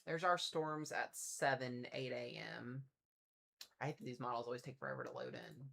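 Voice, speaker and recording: A man's voice: mid-range voice, fairly even intonation, normal speed, vocal fry, bright, forceful tone, a little hiss or hum. A man hosting a casual weather livestream, chatting and thinking aloud as he waits for new forecast data to load. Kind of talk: casual live-stream weather commentary.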